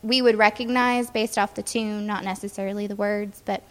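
A woman's voice: mid-range voice, fairly even intonation, moderate pace. A young woman giving a hesitant church talk about her mission trip, with many ums. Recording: echoey hall.

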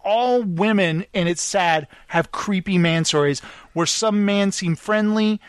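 A podcast host telling a self-deprecating story in casual chat, animated and apologetic in tone. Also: male voice, high-pitched, measured pace, clean tone, no room sound.

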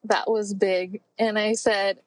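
A woman in her forties talks openly as a guest in an interview. Her mid-pitched voice is heartfelt and reflective, with frequent pauses and fillers. The sound is dry and close, with no room echo. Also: level tone. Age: 40s. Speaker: podcast guest. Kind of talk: candid personal interview.

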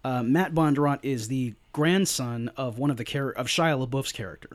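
A man co-hosts a relaxed movie review show with an ordinary mid-range voice. He agrees along with quick short replies and slips in dry humor. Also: mid-range voice. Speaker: podcast co-host. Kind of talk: casual movie review chat.

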